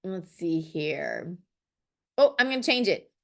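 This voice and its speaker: Her pitch sits fairly low, yet her intonation is lively, her pace slow, her tone a bit bright. The middle-aged woman teaches poetry classroom-fashion, musing aloud while writing and encouraging students with frequent checks of "okay."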